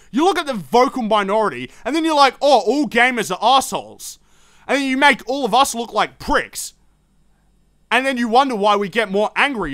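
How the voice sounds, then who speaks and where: A man's voice: sits high, pushed and bright, no room sound, clean studio sound. A young man hosting a gaming news show, ranting in a heated, profane, exasperated way about the games industry. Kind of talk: opinionated commentary rant.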